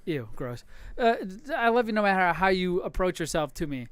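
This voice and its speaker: High, smooth-voiced man telling stories. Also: normal speed, no echo. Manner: animated, profane, acts out his wife's lines. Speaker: podcast co-host. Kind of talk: casual crude storytelling.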